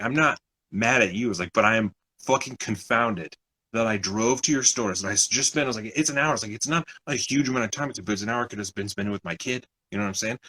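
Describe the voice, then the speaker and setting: Young male podcast co-host, husky and rapid, animated storyteller who swears freely. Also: on the low side, rough recording. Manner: animated retelling, acting out other people's lines, swears often. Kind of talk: casual storytelling chat.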